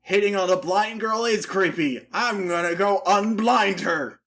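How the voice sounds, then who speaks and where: A man's voice: sits high, unhurried, fairly bright tone. A man voicing a brash teenage boy card duelist in a mocking, exaggerated paraphrase.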